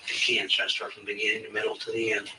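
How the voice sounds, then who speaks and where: A man investigating a case, questioning a witness in a recorded interview with steady, probing questions. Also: lowish voice, rapid-fire. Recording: distant mic with faint hiss.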